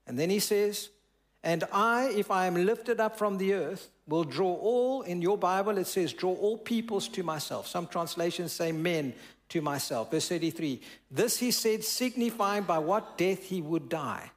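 A man's voice: high voice, expressive, measured pace. A male pastor preaching a sermon in church, reading scripture aloud and explaining it, asking the congregation questions and drawing out words for emphasis.

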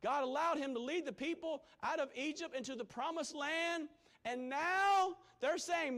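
A man's voice: extremely high pitch, sing-song, normal speed, fairly bright tone. A man preaching a sermon, building repeated refrains and reading scripture aloud, with frequent chuckles. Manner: repetitive call-and-response cadence, chuckles often.

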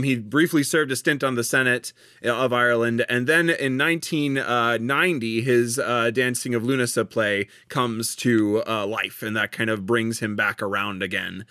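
A man co-hosting a podcast, talking casually and haltingly, with many pauses and restarts. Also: medium pitch, sharp tone, dry recording, studio quality. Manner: hesitant, many ums and restarts. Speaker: podcast co-host.

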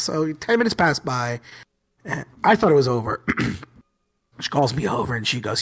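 A husky young man spins classroom stories in loose podcast banter. He gets animated, often laughs, and raises his voice to act out his students. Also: medium pitch, brisk. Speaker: middle school teacher. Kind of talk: casual podcast storytelling.

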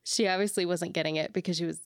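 Woman, casual chat host, animated storyteller who voices quotes; close, dry sound. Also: lowish voice, quick pace, no echo. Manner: animated, acts out quoted lines.

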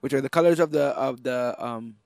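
A man co-hosting a casual comic-book podcast, chatting in an animated way and acting out the lines he retells. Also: medium pitch, a little fast, gravelly, no echo, clean studio sound. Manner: animated, acts out quoted characters. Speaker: podcast co-host. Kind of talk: casual chat.

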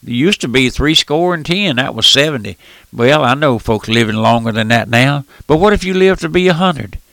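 An older preacher with a squeaky, folksy voice, rising and falling with fervor and a gravelly edge. He preaches a radio sermon, repeating himself and addressing his listeners as friends. The sound is dry and close. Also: animated, moderate pace, a bit bright, no echo. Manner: fervent, repetitive, calls listeners friend and folks.

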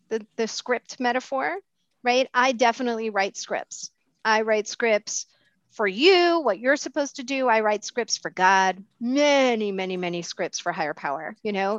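Middle-aged woman, recovery talk, candid, self-mocking, halting with fillers, slightly high voice, dull dry recording. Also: no room sound. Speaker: speaker sharing at a recovery meeting.

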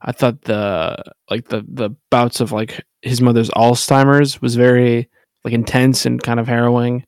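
A man's voice: mid-range voice, flat delivery, normal speed, a little mellow, smooth, dry recording. A man co-hosting a podcast, talking loosely and hesitantly about a film, with lots of "like" and "I think". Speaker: podcast co-host. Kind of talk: casual film discussion.

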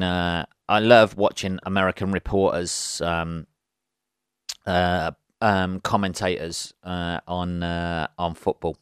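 A man's voice: sits low, flat delivery, takes it slowly, smooth, no room sound, studio quality. A man hosting a casual solo podcast, ranting with lots of swearing and exasperation. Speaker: podcast host.

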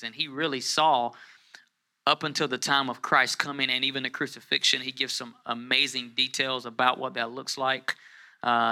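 Bright-voiced man preaching a sermon. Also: mid-range voice. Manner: conversational preaching, rises to loud emphatic scripture reading; calls on the congregation to repeat words. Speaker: pastor.

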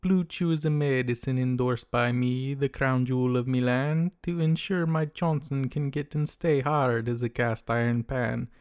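A man putting on a hammy Italian pitchman. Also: fairly even intonation, normal speed, hardly any pauses, a little mellow, smooth, dry recording, clean studio sound, close to an everyday voice. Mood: hammy boastful. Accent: put-on Italian. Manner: hammy mock-seductive sales pitch. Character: boastful Italian man hawking a pill.

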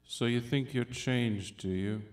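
A man voicing a languid, contemptuous hookah-smoking caterpillar in a storybook reading, with a slow, sleepy, terse drawl. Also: mid-range voice, darkish tone, lightly acted. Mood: curt, disdainful. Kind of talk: storybook character voice.

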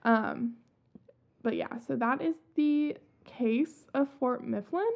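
With a slow, creaky voice on the high side, a young woman hosts a casual podcast and tells spooky stories about haunted places. She's chatty and giggly and swears casually, and the recording sounds dull and lo-fi.

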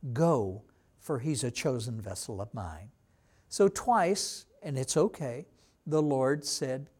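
A man preaching a sermon as pastor, teaching slowly and acting out quoted lines with dramatic emphasis. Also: mid-range voice, darkish tone. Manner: slow, deliberate teaching with dramatic voiced quotes. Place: church.

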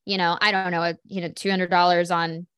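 A woman's voice: lowish voice, little pitch movement, brisk, fairly bright tone, clear, resonant tone, dry recording. A woman hosts a podcast, reflecting thoughtfully and asking open questions. She thinks aloud with easy fillers, and the recording is close and dry. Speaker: podcast host. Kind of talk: conversational interview.

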